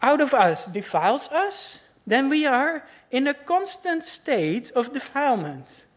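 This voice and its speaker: A woman's voice: sits high, big pitch swings, unhurried. A woman preaching a sermon in an earnest, reflective manner.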